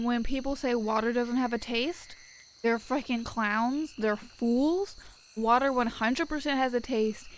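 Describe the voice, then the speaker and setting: A woman's voice: fairly high pitch, rough recording. Woman streamer, casual rambling chat, swears a lot, light hiss in the background. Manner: swears freely, rambling with filler words. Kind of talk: casual live-stream chat, reading viewer messages. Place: at her desk at home.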